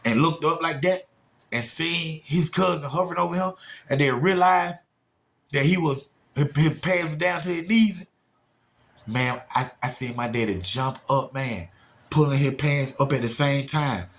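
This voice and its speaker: A man telling a story from his childhood in a casual, animated way, talking straight to his listeners and swinging his pitch widely for emphasis. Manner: talks straight to listeners, often with "y'all" and "man".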